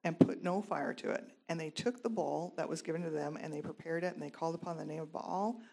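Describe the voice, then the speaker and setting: Steady woman reading scripture. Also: sits low, quick pace, vocal fry, noisy background. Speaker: scripture reader.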